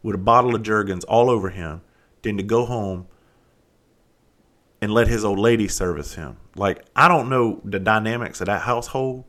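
A man who used to be a police officer and is from South Carolina, telling a long profane story in a casual, animated way, sometimes loud and sometimes hushed. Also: lowish voice, normal speed.

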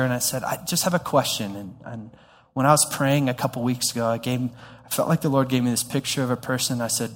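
A man's voice: mid-range voice, fairly quick. Man preaching in a reverberant hall. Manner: animated, self-deprecating storytelling with restarts. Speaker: pastor. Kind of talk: sermon storytelling.

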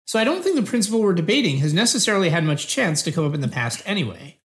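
A man reading the part of an earnest debater who defends utilitarian ethics in a scripted philosophical dialogue, measured and patient. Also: sits high, big pitch swings. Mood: calm.

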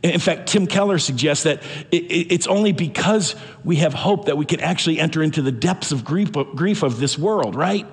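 A man's voice: a little high, moderate pace, few pauses, big-room sound. A man preaching a sermon as pastor, earnest and emphatic, often restarting his phrases.

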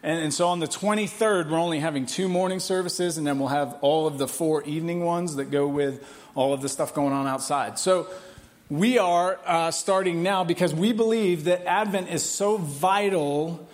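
A male pastor with a fairly high voice delivers a sermon in a church. He tells a personal story in an animated, playful way, mixing in quick asides and laughter. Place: church hall.

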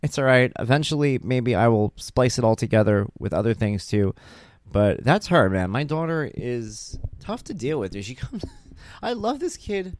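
A man's voice: medium pitch, normal speed, no room sound. A tired man hosting his own podcast, chatting casually and acting out family conversations as he tells them. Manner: animated storyteller, acts out dialogue. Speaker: podcast host. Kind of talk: casual solo podcast monologue.

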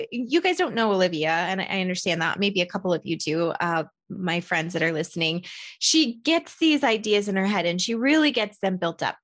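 A woman hosting a podcast, candidly telling a personal story as a parent in an animated, self-deprecating way. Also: mid-range voice. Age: adult parent. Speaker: podcast host.

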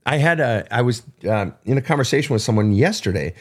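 A man's voice: mid-range voice, expressive, quick pace. A man hosting an unscripted advice show, answering listener questions in a blunt, emphatic way, with frequent profanity and repetition.

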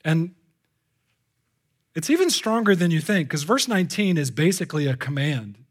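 Man, pastor preaching to a congregation; slightly high-pitched, lively delivery that jumps from exclamations to hushed asides. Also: moderate pace. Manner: animated, swings between loud exclamations and hushed asides. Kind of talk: live sermon. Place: church before a congregation.

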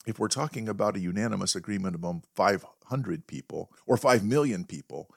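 A man hosting a podcast, telling a wry, deadpan story in a monologue. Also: on the low side, fairly quick, creaky, dry recording, clean studio sound. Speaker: podcast host.

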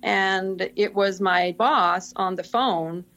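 A woman's voice: medium pitch, steady tone, slow pace, fairly bright tone, muffled recording. A middle-aged woman, a podcast guest, telling work stories casually and laughing often. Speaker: podcast guest, senior executive assistant. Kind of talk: casual interview storytelling.

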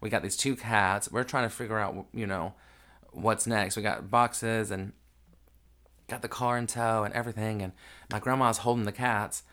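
A man's voice: fairly low pitch, fairly even intonation, normal speed, bright, forceful tone. A man, hosting a podcast and telling a family story in a raw, emotional, unedited way. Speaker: podcast host. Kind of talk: casual storytelling monologue.

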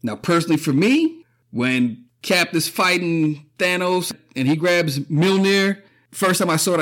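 Emotional man with a slightly high voice. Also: a bit bright. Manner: emotional, profane, choking up with frequent laughs. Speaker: podcast host. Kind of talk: casual opinion monologue.

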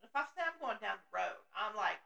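A woman hosts a casual podcast conversation, playful and quick to tease. Her voice is bright and forceful. The recording carries a roomy echo. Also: mid-range voice, very animated, gravelly. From not from the South. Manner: playful, teasing, quick to laugh. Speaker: podcast host. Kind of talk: casual chat.

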